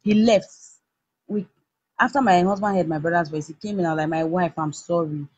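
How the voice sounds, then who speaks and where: A young Nigerian woman with a husky voice, heatedly retelling a personal story with many restarts. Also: fairly low pitch, a little fast, no echo. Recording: dull lo-fi recording.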